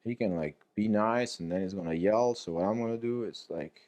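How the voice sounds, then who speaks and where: A man voicing a pet dog who is fed up with his owner, muttering low and resigned. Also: a little fast, a little mellow, muffled recording, natural voice.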